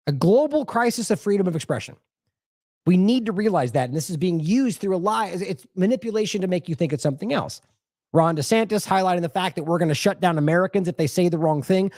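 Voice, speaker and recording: Male news commentator, sarcastic and mocking, high expressive voice, dry close mic. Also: no room sound. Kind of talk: opinionated commentary.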